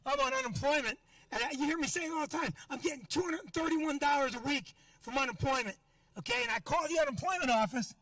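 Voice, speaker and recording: A man's voice: very high-pitched, fast talker, dry recording, far from the mic. A man doing a profane, brash stand-up comedy set in a club, working the crowd and acting out conversations. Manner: brash, profane, acts out quoted dialogue and shouts.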